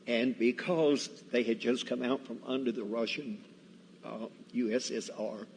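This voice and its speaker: A man gives a sermon at an unhurried, slow pace, telling stories in a folksy, deliberate way. His voice carries through a reverberant church sanctuary with a long echo. Faint room ambience hums underneath. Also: medium pitch, a little mellow, a little hiss or hum. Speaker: guest preacher. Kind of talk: storytelling sermon.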